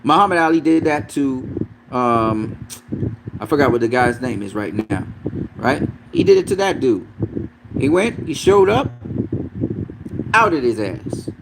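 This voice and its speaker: A man's voice: medium pitch, sing-song, measured pace, gravelly, long pauses, noisy background. A man giving a casual, profane, emphatic rant as a boxing commentator.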